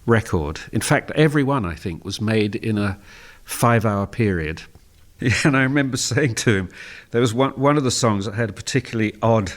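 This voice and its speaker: A man's voice: on the low side, lively intonation, normal speed. Older English man telling a studio story. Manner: laughs often while telling stories. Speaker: guest musician. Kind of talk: relaxed storytelling. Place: radio studio.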